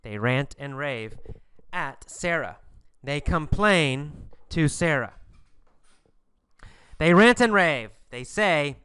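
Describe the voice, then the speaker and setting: A man's voice: a little high, clear, resonant tone, dry recording. A man teaching an English lesson through questions and answers about a story, speaking emphatically. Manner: slow, emphatic teacher delivery with lively intonation.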